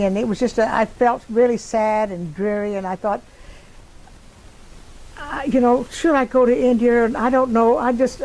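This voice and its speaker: Older woman recalling, halting and searching. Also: fairly high pitch, darkish tone, rough recording. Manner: halting, many fillers and restarts. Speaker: interviewee. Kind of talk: casual spoken recollection.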